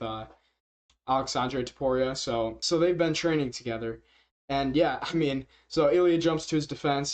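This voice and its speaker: Man, casual reaction commentary, rambling, filler-heavy, chuckling, mid-pitched. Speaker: MMA reaction youtuber.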